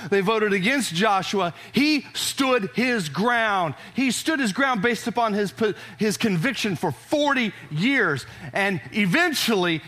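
A pastor addresses his congregation at a church service, his voice high and sharp. The sermon is emphatic yet conversational, and he frequently starts his phrases over.

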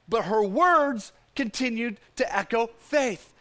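Man, pastor, sermon, high voice, expressive swings, call-and-response. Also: normal speed. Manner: animated, repeats lines for the congregation to echo.

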